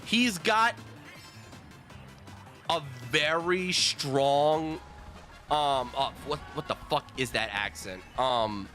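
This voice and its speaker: A man streaming with viewers, telling a casual, animated story with plenty of swearing and restarts. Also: a little high, very slow, pauses often, faint music behind. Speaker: streamer host. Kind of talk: casual storytelling while gaming.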